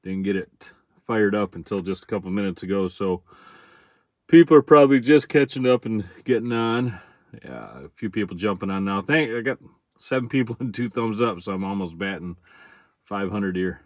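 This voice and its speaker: A man's voice: lowish voice, moderate pace, dry recording, clean studio sound. A middle-aged man from central Michigan with a Michigan accent, chatting casually on a livestream about his fishing charters. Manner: relaxed, chatty, greets viewers by name, chuckles often.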